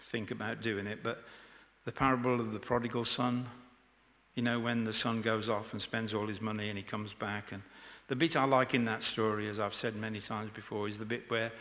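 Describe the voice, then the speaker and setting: A man's voice: mid-range voice, a bit bright. A man preaching an informal sermon in church, chatty and joking with the congregation. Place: church hall. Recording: echoey church hall.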